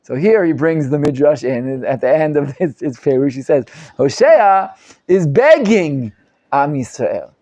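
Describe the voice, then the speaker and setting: A man, a rabbi, teaching a live Bible class, reading Hebrew commentaries quickly and explaining them in English with frequent Hebrew terms. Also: dry recording. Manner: animated, acts out quoted speakers with sudden loud pitch jumps.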